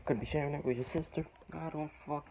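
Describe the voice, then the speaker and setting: A man's voice: fairly high pitch, steady tone, fast. A man hosting a joking home cooking vlog. He rambles, swears and makes fun of himself, a little out of breath, filming on a phone. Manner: self-mocking, swearing, rambling. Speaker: cooking vlogger. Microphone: phone held on his arm. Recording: loud background noise.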